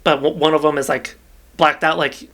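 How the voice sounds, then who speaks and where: A man's voice: fairly high pitch, level tone, a little fast, a bit bright. A young man casually retelling a novel's plot on a podcast, rambling with lots of fillers and the odd swear. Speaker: podcast co-host recapping a novel. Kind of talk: casual chat.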